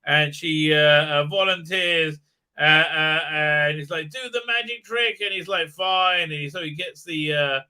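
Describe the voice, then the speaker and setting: Sarcastic man with a sharp voice. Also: on the high side, steady tone, measured pace, clear, resonant tone. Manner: sarcastic, profane, full of fillers and restarts. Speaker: live-stream host. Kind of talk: rambling live-stream commentary.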